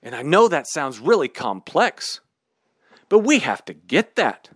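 Animated slow-preaching man. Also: on the high side, husky, dry recording, studio quality. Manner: animated, emphatic, candid. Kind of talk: sermon.

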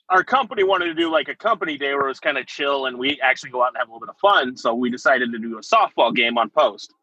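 A young man with a bright, slightly husky voice tells his army stories as a guest in a casual chat. He laughs often as he goes. The recording sounds dull and dry. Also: mid-range voice, no room sound.

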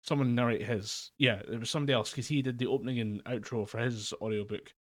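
A man's voice: mid-range voice, fairly even intonation, fast talker. Rambling, laughing podcast co-host man. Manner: rambling, laughs often, many fillers. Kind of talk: casual chat. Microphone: remote call mic.

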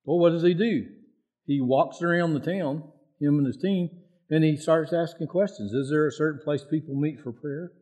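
A fairly high-pitched, slightly mellow male voice belongs to a pastor giving a repetitive, down-home sermon at normal speed. At moments he lifts his voice to dramatize prayers.

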